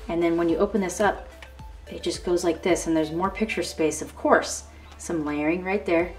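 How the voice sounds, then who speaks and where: A woman hosting a crafting tutorial, gushing and chatty as she shows off her work in a casual demonstration. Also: lowish voice. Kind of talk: casual show-and-tell demonstration. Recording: slightly distant mic with faint background music.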